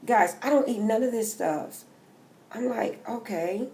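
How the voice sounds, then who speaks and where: A woman's voice: fairly high pitch, unhurried, gravelly, a little mellow. A middle-aged woman doing a tarot-reading vlog from home, joking and chatty, talking loosely and with profanity. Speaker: tarot reader. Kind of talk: casual vlog chat.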